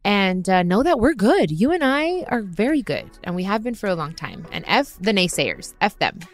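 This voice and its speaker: A woman's voice: medium pitch, big pitch swings, moderate pace, no room sound, faint music behind. Chatty laughing woman podcast host. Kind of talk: casual chat.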